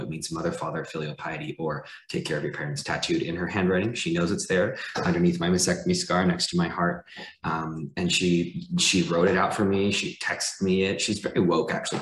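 Brief: candid male panelist, low voice, roomy echoey sound. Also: a bit bright. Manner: candid and conversational, with light laughs. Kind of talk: personal storytelling on a panel.

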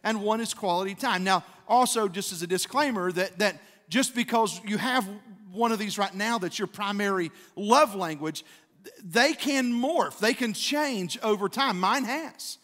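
A man's voice: high-pitched, unhurried, fairly bright tone. A man, preaching a conversational sermon as a pastor and acting out quotes with growing fervor. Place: church sanctuary. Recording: long church hall reverb.

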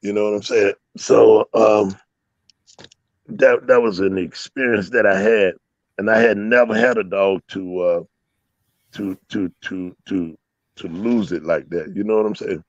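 A man's voice: on the low side, fairly even intonation, unhurried, no echo, highs cut off. A man telling rambling, profane stories as an interview guest, with many fillers and frequent laughs. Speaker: interview guest, dog breeder. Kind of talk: casual storytelling interview.

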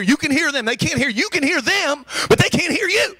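Man, pastor, sermon, high voice, dry close sound, animated, humorous. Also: very fast, few pauses, no room sound. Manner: animated and humorous, acting out phone calls with raised voice.

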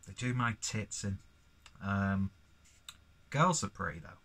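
A man's voice: lowish voice, animated, slow, pushed and bright. Rambling sweary man reviewing beer. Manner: rambling, sweary, self-mocking asides. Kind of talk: casual beer review vlog.

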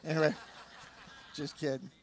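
A man with an Alabama Southern accent preaching a sermon as pastor, animated and throwing joking asides to the congregation. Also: on the high side, moderate pace, creaky, slight background noise.

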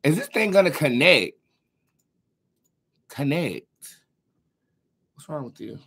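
Sassy, bright-voiced man hosting a livestream. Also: a little high, very animated, slow, gravelly, husky. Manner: sassy, profane and playful, calling viewers darling and girls; chatty, talking to himself while fixing tech. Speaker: tarot reader hosting a livestream. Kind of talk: casual livestream chat.

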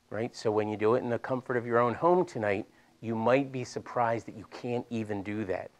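A middle-aged man with a Delaware accent leads a live seminar room through stretches. He talks in a chatty, animated way at an average pitch and often repeats himself for emphasis. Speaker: physical therapist presenter.

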